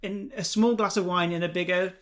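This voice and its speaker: A man's voice: high voice, steady tone, a little fast, a bit bright. A man co-hosting a tech podcast in easygoing casual chat, with hesitant restarts. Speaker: podcast co-host.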